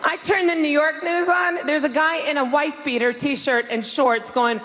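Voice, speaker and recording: Brief: older woman stand-up, brash and punchy, high-pitched, long theater reverb. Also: steady tone. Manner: brash, rapid-fire, shouting punchlines. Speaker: stand-up comedian. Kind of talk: stand-up comedy set. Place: large theater stage with audience. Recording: reverberant hall, faint noise.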